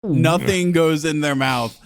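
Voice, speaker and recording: A man's voice: a little high, measured pace, slight background noise. A young man co-hosting a podcast, telling rambling stories in casual chat and laughing often. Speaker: podcast co-host.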